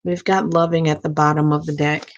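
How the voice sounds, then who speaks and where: A woman giving a casual tarot reading, talking slowly to her cards and thanking the angels. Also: sits low, flat delivery, lo-fi sound. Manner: slow, drawn-out, talks to the cards and angels. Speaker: tarot reader.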